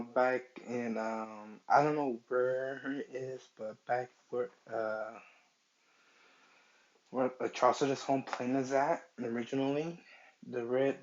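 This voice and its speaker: A man improvising a fan-fiction story, halting and searching for words as he goes, on a dull lo-fi recording. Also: mid-range voice.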